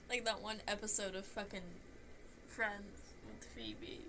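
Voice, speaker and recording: A woman's voice: mid-range voice, flat delivery, unhurried, vocal fry, background noise. A young woman with a Southern accent, streaming and chatting casually, rambling and swearing, with some phlegm in her throat. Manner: rambling, swears often, self-deprecating.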